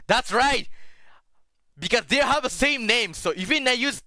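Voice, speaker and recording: An excitable man chatting casually as a stream guest, his pitch swooping all over as he talks. His tone is bright and forceful, and he stumbles through plenty of fillers. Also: moderate pace, no echo, clean studio sound. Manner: excitable, laughs loudly, many fillers. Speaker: guest Vtuber. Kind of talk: casual collab stream chat.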